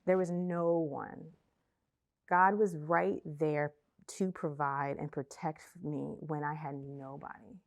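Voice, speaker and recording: A young woman telling her personal faith testimony, emotional and halting, often repeating herself and trailing off. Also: low-pitched, steady tone, gravelly. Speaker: testimony speaker.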